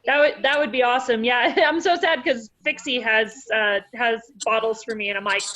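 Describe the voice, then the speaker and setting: A playful woman tells a story over a video call, high and bright in tone. The sound is dull and muffled, as calls often are. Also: normal speed. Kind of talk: casual video call chat.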